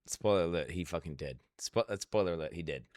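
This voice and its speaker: A man's voice: low voice, quick pace, darkish tone, no echo. A man streaming as he reacts to a video, talking bluntly and profanely in casual commentary.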